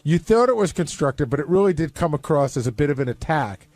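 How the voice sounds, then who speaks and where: A man's voice: fairly high pitch, lively intonation, fast, a little mellow, no echo. A man on a radio show arguing pointedly and teasing a colleague in casual studio banter.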